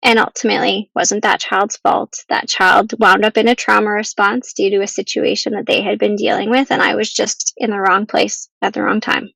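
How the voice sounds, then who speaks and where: A woman telling a painful personal story as a podcast guest, earnest and halting, at times close to tears. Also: mid-range voice, flat delivery, gravelly, fairly bright tone, no room sound, rough recording. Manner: earnest, halting, with restarts and ums.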